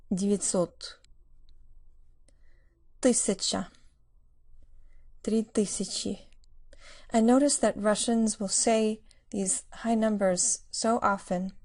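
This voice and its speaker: A woman teaching a Russian lesson, explaining pronunciation clearly and patiently. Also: mid-range voice, a little mellow. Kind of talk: language lesson.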